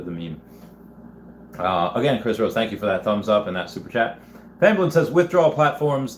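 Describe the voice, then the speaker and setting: A man hosting a casual livestream, reading viewer chats aloud and rambling in a chatty way with frequent restarts. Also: fairly low pitch. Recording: echoey room with faint background noise.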